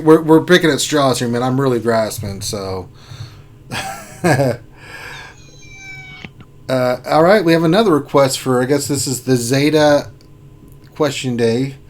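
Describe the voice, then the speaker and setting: A gaming channel host goes through game rosters in a relaxed live stream, cracking jokes, laughing a lot and musing aloud. He speaks at medium pitch, and there's slight hiss or hum.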